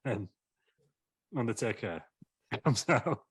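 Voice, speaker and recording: A man's voice: medium pitch, lively intonation, slow pace, breathy edge, no room sound. A man co-hosting a comedy wrestling podcast, telling a rambling story while laughing mid-sentence. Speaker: podcast co-host.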